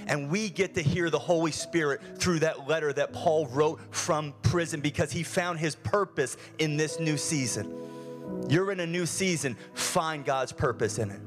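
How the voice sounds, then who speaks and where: A male pastor preaching a sermon in a church, earnest and repetitive, often restarting his phrases. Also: a little high. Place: church sanctuary.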